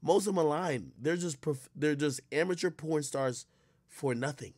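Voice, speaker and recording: A man's voice: a little high, normal speed, a little mellow, no room sound, clean studio sound. A man giving blunt, profane commentary in a rambling, storytelling way while reacting to a clip.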